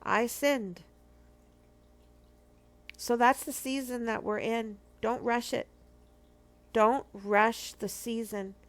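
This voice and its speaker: A woman's voice: a little high, fairly even intonation, slow pace. A middle-aged woman from a marriage ministry, giving an earnest, emphatic testimony and repeating key phrases for weight. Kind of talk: personal testimony teaching.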